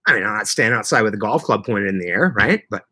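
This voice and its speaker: A man from Manitoba hosting a casual livestream, greeting viewers by name and chatting in a lively, laughing way. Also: fairly low pitch, fast, slightly rough. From Canada (Manitoba). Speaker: livestream host reading chat.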